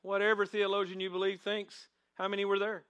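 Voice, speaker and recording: A man's voice: high voice, completely flat delivery, fairly quick, clear, resonant tone. A man pastor preaching a sermon, praying and then reading and acting out scripture with dramatic emphasis. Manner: dramatic, shouting crowd voices in reenactment.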